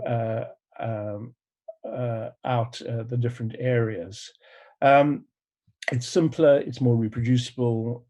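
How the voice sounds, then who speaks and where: A man giving an academic lecture as a pathology professor, measured and explanatory, pausing often on "uh". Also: mid-range voice, warm tone. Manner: measured, explanatory, with frequent "uh" pauses. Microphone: remote talk recording.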